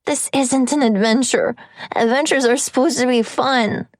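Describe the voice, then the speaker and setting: A woman's voice: high-pitched, moderate pace, dry recording, studio quality, voice pushed up. A woman voicing an upset, stubborn young boy who whimpers and pleads in a storybook reading. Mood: tearful.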